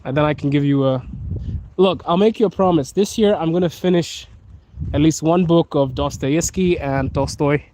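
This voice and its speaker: A man live-streaming from his phone outdoors, his voice sitting a bit high for a man. He talks in a loose, chatty way, laughs a lot, and keeps saying dude and bro. A faint hum of street ambience runs underneath. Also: normal speed, mellow, poor audio. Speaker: livestream host. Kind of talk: casual live-stream chat.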